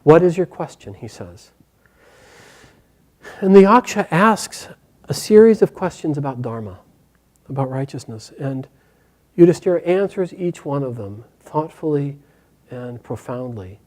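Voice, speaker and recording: Casual male storyteller, mellow tone. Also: medium pitch, big pitch swings, unhurried, long pauses. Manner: conversational, repeats words, frequent restarts. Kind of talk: casual oral retelling of an epic.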